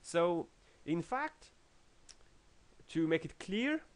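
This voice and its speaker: A man with a French accent explaining programming logic in a tutorial, halting with many fillers and restarts. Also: fairly high pitch, big pitch swings. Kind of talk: screen-recorded coding tutorial.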